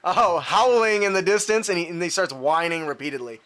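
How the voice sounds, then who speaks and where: Bright-voiced man running a game. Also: high-pitched, brisk. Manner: loose, laughing, full of fillers. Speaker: game master. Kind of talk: narrating a tabletop game.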